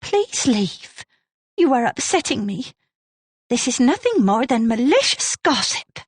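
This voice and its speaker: A woman voicing a composed, eerie baker's widow who speaks softly in a gentle Gloucestershire accent. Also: a little high, very animated, a little slow, breathy edge, no echo, pitched above the performer's own voice, heavily acted. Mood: cold. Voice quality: gentle, soft-spoken.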